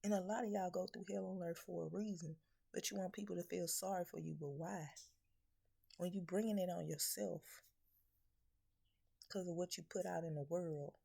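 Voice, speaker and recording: A woman with a low, gravelly voice preaches a blunt spiritual message straight at her viewers. She scolds and curses, firing rhetorical questions one after another. A confrontational, no-nonsense reader. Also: steady tone, moderate pace, long pauses, mellow.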